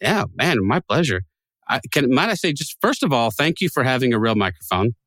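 A man's voice: medium pitch, big pitch swings, a little fast, a bit bright, dry recording. A man co-hosting a casual podcast, joking and rambling, laughing often. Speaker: podcast co-host. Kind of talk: casual chat.

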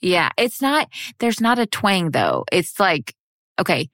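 A woman's voice: fairly low pitch, sing-song, a little slow, fairly bright tone, dry recording, clean studio sound. A woman with a Texas twang co-hosting a podcast in casual chat, giggly and self-consciously awkward, laughing often. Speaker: podcast co-host.

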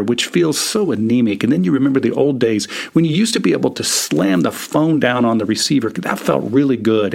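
A man with a gravelly, slightly husky voice spins a second-person story as a podcast host. His delivery is vivid and wry, with a dry sense of humor, at a middling pitch.

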